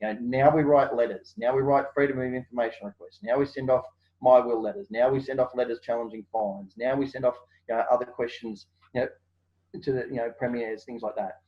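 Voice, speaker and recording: A man's voice: medium pitch, fairly quick. A man, a guest in a casual interview, telling stories animatedly and acting out what people say, with many fillers. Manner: animated storyteller, acts out quotes, many fillers. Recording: dull lo-fi sound.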